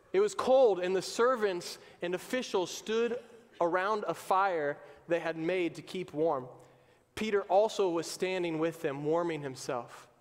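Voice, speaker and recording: A man's voice: high voice, a little slow. A male pastor preaching a sermon in an emphatic, conversational way, in a church sanctuary. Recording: long reverb of a church hall.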